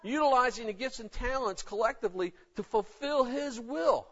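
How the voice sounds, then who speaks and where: A man's voice: extremely high pitch, moderate pace. A man preaching a sermon in an emphatic, conversational way. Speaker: pastor. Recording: dull lo-fi recording.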